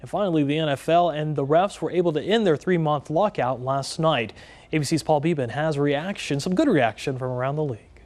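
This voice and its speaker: A man's voice: a little high, fairly quick, a little mellow. A man anchoring a local TV newscast, reading stories and bantering with the weatherman. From Texas. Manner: smooth, conversational anchor delivery with light banter. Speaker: news anchor.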